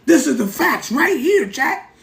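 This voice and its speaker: A man hosting a livestream, lecturing in a casual, animated way, repeating himself and talking straight to his chat. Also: very high voice, a little slow, creaky, reverberant. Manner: animated, repetitive, keeps addressing the chat. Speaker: livestream host.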